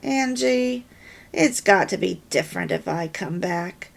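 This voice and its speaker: A woman reading the part of a hurt husband who speaks hesitantly and haltingly. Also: fairly low pitch, lively intonation, vocal fry, exaggerated voice. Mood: hurt, earnest. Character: remorseful husband, a working man.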